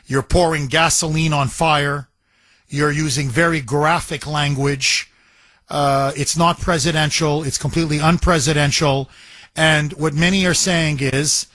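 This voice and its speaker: A man's voice: fairly high pitch, fairly bright tone, no room sound. A man hosting a political talk radio show, emphatic and rhetorical, repeating phrases for effect.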